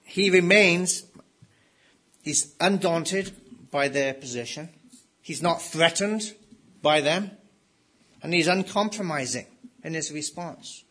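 A man's voice: fairly high pitch, slow, long pauses, fairly bright tone. A man preaching a sermon in an emphatic way, repeating key words for stress.

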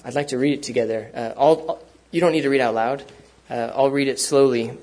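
A man's voice: mid-range voice, steady tone, fairly quick, a little mellow. A man preaching a sermon to a gathered congregation in an earnest, conversational way.

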